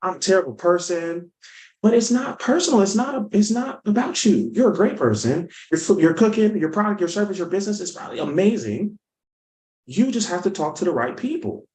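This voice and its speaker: A man teaches sales in a lively, storytelling way, his pitch bouncing up and down as he acts out quotes. His voice sits a little high for a man. The room around him is echoey. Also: a little fast. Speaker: sales coach. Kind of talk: motivational teaching talk.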